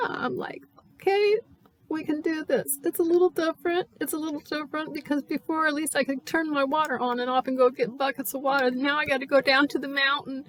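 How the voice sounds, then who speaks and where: A woman vlogging casually, talking earnestly about her faith, emotional at times, with restarts and soft asides. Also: sits high. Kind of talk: casual vlog talk.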